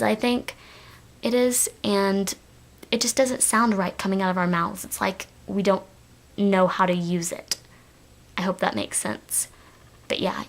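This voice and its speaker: A woman with a Southern US accent, vlogging casually to her camera. She rambles and hesitates often, with many ums and likes. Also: mid-range voice. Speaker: collab channel vlogger. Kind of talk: casual vlog monologue.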